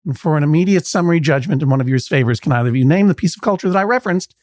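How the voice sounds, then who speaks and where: A man's voice: a little high, very fast, darkish tone, no echo, studio quality. A man hosting a comic mock courtroom show, wry and playful with rambling asides. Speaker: podcast judge host.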